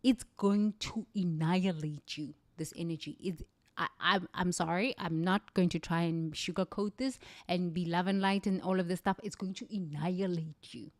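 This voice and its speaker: A woman's voice: fairly low pitch, fairly even intonation, moderate pace, no echo. A middle-aged South African woman, a native Zulu speaker, giving an impassioned motivational talk with emphatic, repeated phrases. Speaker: livestream speaker.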